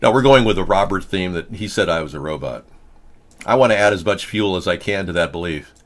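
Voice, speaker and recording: A man's voice: low-pitched, a little fast. A man hosting a casual political talk show, rambling from story to story with a joking, sarcastic manner. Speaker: host.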